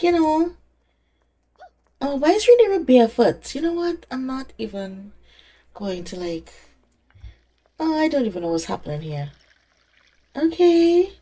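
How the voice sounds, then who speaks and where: A woman's voice: high-pitched, warm tone. A woman giving casual let's-play commentary, chatting away and talking to the game characters. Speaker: gaming creator.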